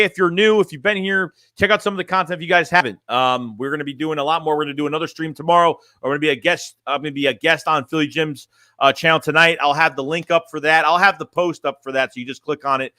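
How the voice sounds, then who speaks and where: A man's voice: fairly high pitch, bright, forceful tone, dry recording, studio quality. A man casually chatting on a sports live stream, rambling and full of fillers.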